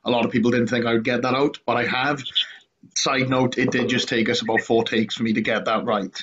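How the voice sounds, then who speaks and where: A man co-hosting a casual podcast chat, full of jokes and quick laughs, his words often tumbling over each other. He sits at an ordinary middle pitch, and the recording sounds a little dull and muffled. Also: flat delivery, a bit bright, a little hiss or hum. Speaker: co-host.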